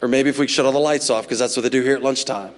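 A man preaching a sermon as pastor, animated and jokey, acting out little scenes in voices. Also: medium pitch, racing. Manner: animated, jokey, acts out parents and God in voices.

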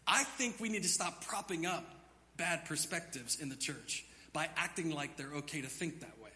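A man with a high, bright voice preaches a sermon in a church sanctuary. He drops to a near hush, then rises to loud, emphatic passages, and a long hall reverb trails his words. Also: lively intonation, normal speed. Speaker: pastor.

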